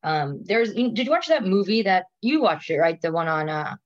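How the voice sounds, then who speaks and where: A woman's voice: on the low side, very animated, moderate pace, no room sound, lo-fi sound. A woman in her thirties, a comedian guest telling stories in casual podcast chat, rambling and full of "like". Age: 30s. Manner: rambling storyteller, filler-heavy "like".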